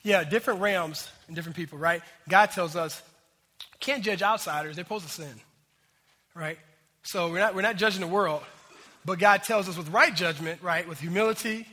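A man preaching a sermon in an animated, conversational way, talking straight to the congregation. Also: high-pitched. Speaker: pastor. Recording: long hall reverb.

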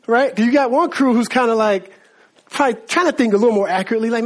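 High-voiced man preaching casually. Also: animated, a little fast. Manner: informal, slangy, addresses listeners as guys; acts out voices of biblical figures. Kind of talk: conversational Bible teaching.

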